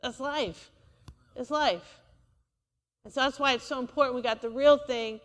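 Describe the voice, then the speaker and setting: Woman preaching, high voice, lots of amens, long church echo. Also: fairly even intonation, normal speed, fairly bright tone. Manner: call-and-response preaching, asks for amens. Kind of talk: sermon.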